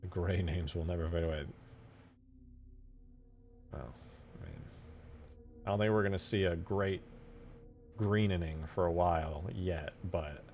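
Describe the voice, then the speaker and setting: A man hosting a casual livestream, joking, swearing, and loudly thanking viewers for gifts. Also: deep voice, moderate pace, long pauses, soft background music. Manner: excitable, yells in thanks for gifts. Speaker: livestream host.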